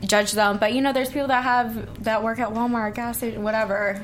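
A young woman with a fairly high voice talks as an interview guest. She is chatty and blunt, giggles often and swears freely. Faint noise sits behind her. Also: fairly even intonation, brisk. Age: young adult. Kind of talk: casual interview chat.

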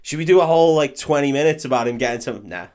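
A man's voice: a little high, expressive, fast, a little mellow. A man on a casual podcast, joking along and repeating lines for laughs. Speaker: podcast co-host. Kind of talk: casual film chat.

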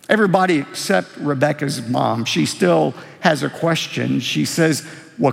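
A man preaching a sermon as pastor, with expressive, emphatic delivery that rises on key lines. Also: on the high side, creaky. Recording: reverberant hall.

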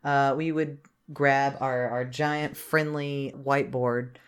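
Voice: medium pitch, flat delivery, takes it slowly, smooth. A podcast co-host in casual chat who laughs often and trails off mid-sentence.

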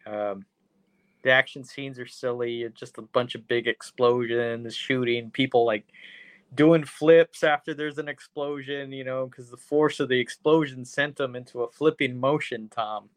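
A man's voice: medium pitch, steady tone, moderate pace, no room sound. A man co-hosting a podcast, casually recapping a movie plot with lots of fillers and swearing. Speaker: podcast co-host. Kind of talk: casual movie review chat.

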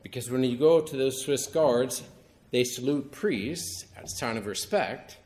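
Priest preaching a story-filled homily. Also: male voice, mid-range voice, unhurried, a little mellow. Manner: storytelling, conversational with wry humor.

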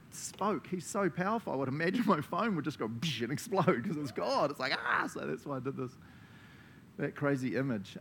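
Jokey New pastor. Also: male voice, mid-range voice, fairly bright tone, a little hiss or hum. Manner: jokey, playful, chatty. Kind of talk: casual interactive sermon.

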